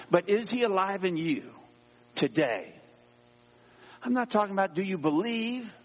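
Excited pastor, high voice, echoing hall. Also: male voice. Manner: energetic, exclaiming, calls for amens. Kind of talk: sermon. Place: church sanctuary. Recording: dull sound in a long-echo hall.

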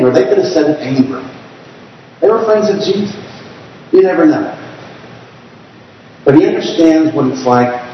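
A man's voice: fairly high pitch, a little hiss or hum. A middle-aged man preaching a sermon, telling homespun stories and acting out the voices of people he quotes. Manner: folksy storytelling preacher, acts out quoted voices. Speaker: pastor. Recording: distant, dull, echoey hall.

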